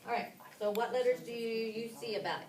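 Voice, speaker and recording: A woman leading a phonics workshop for teachers, spelling letters out slowly with frequent ums and restarts. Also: fairly high pitch, a loud crowd. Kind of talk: classroom-style instruction to fellow teachers. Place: classroom. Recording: roomy, distant and noisy classroom recording.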